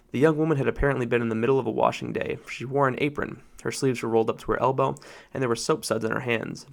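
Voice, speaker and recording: A man narrating a children's novel in a measured storytelling read. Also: mid-range voice, creaky. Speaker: audiobook reader. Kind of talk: audiobook narration.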